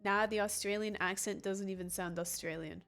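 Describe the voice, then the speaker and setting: A woman's voice: mid-range voice, fairly even intonation, moderate pace, a bit bright, faint music behind. A woman livestreaming a game in a casual, rambling way, reading and answering chat with frequent restarts and laughs.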